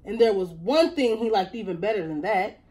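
A woman teacher reading a picture book aloud to young children in an expressive storytelling voice. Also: medium pitch, brisk, low-quality recording.

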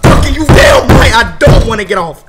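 A young man live-streaming a video game, ranting loudly about his own play, swearing and swinging from low mutters to shouts. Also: huge pitch swings, moderate pace, loud music behind the voice.

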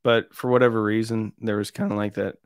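A man's voice: fairly low pitch, flat delivery, fairly quick, clear, resonant tone, no room sound, clean studio sound. Easygoing rambling man on a live stream. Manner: rambling, easygoing, self-deprecating. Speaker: audio channel host. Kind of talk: casual live-stream chat.

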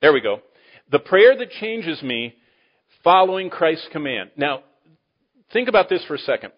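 A man teaching the Bible to a live audience in sermon style, animated, asking the room questions and swinging between loud emphasis and quiet asides. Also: fairly high pitch, moderate pace, slightly rough. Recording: dull lo-fi recording.

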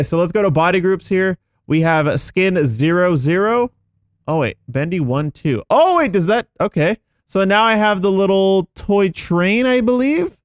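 A man with a somewhat high voice rattles off casual gameplay commentary. He sounds excitable and chatty, thinking aloud as he tries things out. The sound is dry, with no room around it. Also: dry recording. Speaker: gaming YouTuber.

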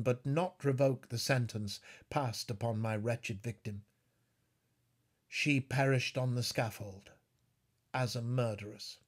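A middle-aged man reads a classic novel in a grave, deliberate manner. He takes it slowly and sometimes rises to a fierce declamation. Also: mid-range voice. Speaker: audiobook narrator. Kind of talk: dramatic literary reading.

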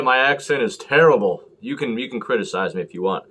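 A man's voice: medium pitch, animated, fairly quick, sharp tone. A man hosting a casual beer review vlog, rambling and joking with frequent restarts. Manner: rambling, jokey, fumbles and restarts often. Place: Los Angeles area.

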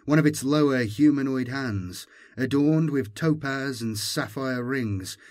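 A man reading an audiobook in measured, dramatic scripted narration. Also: medium pitch.

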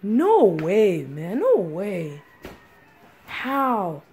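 Slow-talking, excitable woman reacting to a game. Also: medium pitch, slight background noise. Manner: excitable, repeats exclamations, slangy. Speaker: sports fan reacting live. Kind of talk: casual live reaction commentary.

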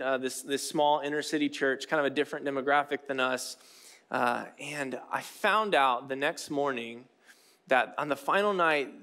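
A man's voice: mid-range voice, fairly bright tone. A man in his thirties preaching a sermon in a conversational, self-deprecating way, with many fillers and restarts. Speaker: pastor.

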